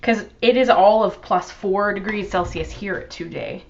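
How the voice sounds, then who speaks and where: A woman's voice: mid-range voice, unhurried, highs cut off, background noise. A young Canadian woman with a Canadian accent hosting a casual crafting livestream, greeting viewers by name and laughing often, heard through the camera's built-in microphone. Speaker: crafting channel host.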